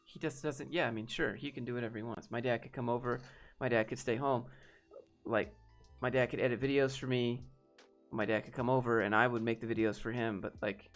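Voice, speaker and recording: A young man, a guest, telling a frustrated, halting personal story in a casual way. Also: mid-range voice, steady tone, soft background music.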